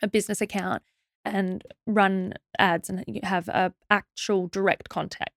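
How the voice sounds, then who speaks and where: A young woman telling a stressful story as a podcast guest, in a quick, animated way with many fillers and restarts. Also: mid-range voice, vocal fry, no room sound, clean studio sound. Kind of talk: casual storytelling interview.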